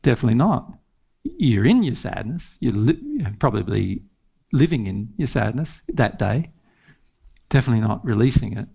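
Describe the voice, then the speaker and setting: A man's voice: medium pitch, very animated, moderate pace, gravelly, dark tone, husky. A man giving an informal spiritual teaching talk, earnest, repeating phrases and laughing often.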